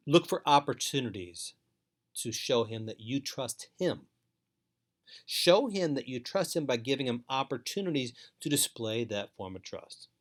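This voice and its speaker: A man giving an instructional talk to foster parents, speaking in a measured, emphatic way and repeating key points. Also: fairly low pitch. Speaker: foster care trainer.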